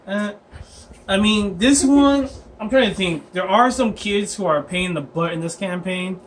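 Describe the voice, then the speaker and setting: Rambling, high-voiced dungeon master. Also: male voice, animated, measured pace, slight background noise. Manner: rambling, laughing storyteller with many fillers. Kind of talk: casual chat.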